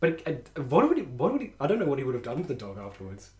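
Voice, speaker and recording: A young man telling a story in casual podcast chat, animated and laughing, with many restarts. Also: mid-range voice, fast talker, a little hiss or hum. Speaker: podcast co-host. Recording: echoey room.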